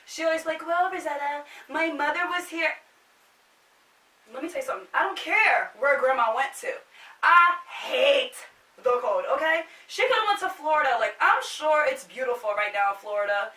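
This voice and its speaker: Woman vlogger, high bright voice, exasperated venting, echoey room heard from a distance. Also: animated, a little fast. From New Jersey. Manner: exasperated, emphatic complaining with swearing. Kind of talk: casual vlog rant.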